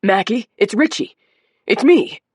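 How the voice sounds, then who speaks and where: A woman voicing a calm male detective who speaks firmly and persistently. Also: mid-range voice, husky, no room sound, pitched above the performer's own voice. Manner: firm, measured, persistent.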